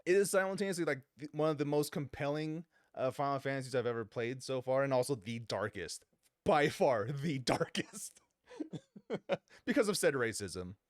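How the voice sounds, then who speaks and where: A man's voice: medium pitch, animated, moderate pace, no room sound, studio quality. A man hosting a podcast, casually and animatedly retelling a video game story, laughing often and swearing casually. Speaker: podcast host.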